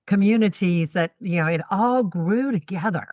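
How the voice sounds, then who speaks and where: A woman's voice: mid-range voice, moderate pace, no echo, highs cut off. A middle-aged woman from Georgia, chatting as an author guest and telling stories in homespun phrases. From Georgia, USA. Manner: warm storytelling, homespun phrases. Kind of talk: casual interview chat.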